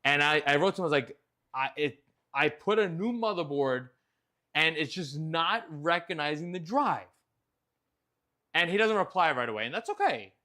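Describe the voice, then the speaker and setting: Casual male host, higher pitch, very animated delivery, swears, exasperated storyteller. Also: moderate pace.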